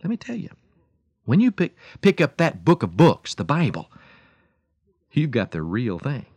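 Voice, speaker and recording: A man hosting a radio devotional talk, telling a story and preaching in an animated, emphatic way. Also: mid-range voice, measured pace, breathy edge, no room sound. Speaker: radio program host and preacher.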